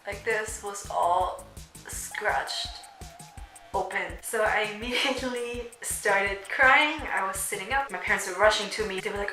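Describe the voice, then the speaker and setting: A young woman in her twenties chats through a personal storytime vlog with a bright, forward tone. She laughs a lot and leans on casual fillers. Her voice carries a roomy echo. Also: mid-range voice, normal speed, soft background music. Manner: chatty, laughs often, fillers like "you know". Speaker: vlogger.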